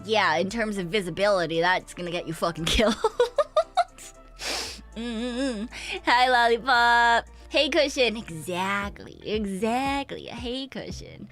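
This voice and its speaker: A woman's voice: on the high side, fairly bright tone. A young woman, streaming and telling a rambling story in casual chat, swearing freely. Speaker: VTuber streamer.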